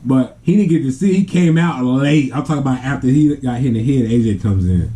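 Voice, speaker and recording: A man tells a family story straight to camera, casual and animated. He laughs often and acts out the sounds as he goes. His voice is mellow and warm, in a middle pitch. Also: fairly quick. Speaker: family vlogger.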